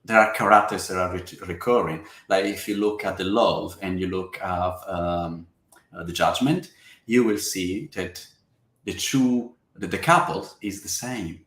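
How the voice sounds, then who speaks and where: A man from the Mediterranean region, a guest in a casual interview, speaking earnestly in halting, non-native phrasing. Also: sits low, fairly bright tone. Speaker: guest, tarot deck creator. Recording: echoey room.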